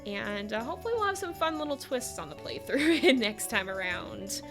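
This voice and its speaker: A woman's voice: on the high side, very animated, normal speed. Chatty woman streamer over game music. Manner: chatty, giggly, talking to her animals on screen. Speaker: gaming streamer. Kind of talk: live game commentary. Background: background game music.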